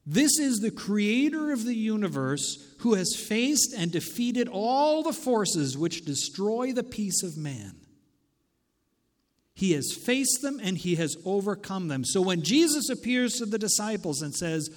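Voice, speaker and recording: A man preaching a sermon as pastor, swinging dramatically between loud declarations and hushed near-whispers. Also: sits high, very animated, unhurried, big-room sound. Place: church sanctuary.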